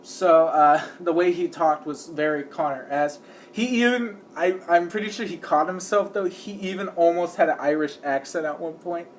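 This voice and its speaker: A man with a somewhat high voice rambles through casual commentary, leaning on fillers. He breaks into quick impressions of the people he talks about. A faint hum of noise sits behind him. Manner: acts out the people he describes. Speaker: video creator.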